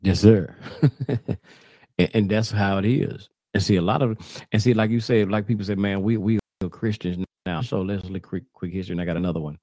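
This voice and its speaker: A man's voice: fairly low pitch, a little fast, darkish tone, no echo. A man hosting a talk radio show, preaching loosely to listeners as his brothers and sisters and often restarting his phrases.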